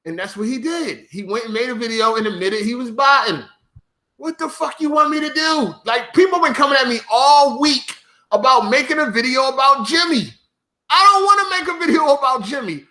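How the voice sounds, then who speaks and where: Gaming YouTuber, male, high tense voice, mocking rant, roomy echo. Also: bright, forceful tone. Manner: profane, mocking, keeps breaking into laughter. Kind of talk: ranting commentary to viewers.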